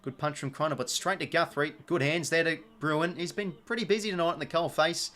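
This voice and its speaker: An excitable young Australian man giving live fan commentary on a football match, chatty with viewers and prone to shouting and swearing at big moments. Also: a little high, a little fast. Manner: chatty asides and thanks to viewers. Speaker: watch-along commentator.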